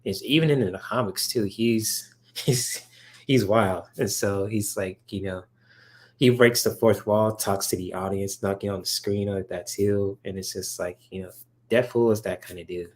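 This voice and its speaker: Fairly low in pitch, steady in tone and moderate in pace, a man hosts an informal livestream. Viewers' chat questions get rambling, enthusiastic answers from him, crowded with fillers, all about comics.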